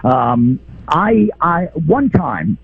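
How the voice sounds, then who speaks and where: A radio host calling in to a station, talking in a heartfelt, reminiscing way. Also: male voice, fairly high pitch, sing-song, extremely slow, creaky, breathy edge, no echo. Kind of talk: call-in radio chat. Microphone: telephone. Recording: tinny phone line on radio.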